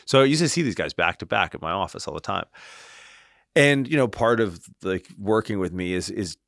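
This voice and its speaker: A man with a very deep voice talks as a podcast guest and clinician. His delivery is animated and casual, full of "like" and "right?", with the odd casual swear. The sound is dry, with no room in it. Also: brisk, creaky, no room sound. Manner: animated, tags lines with "right?" and "like". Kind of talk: casual interview storytelling.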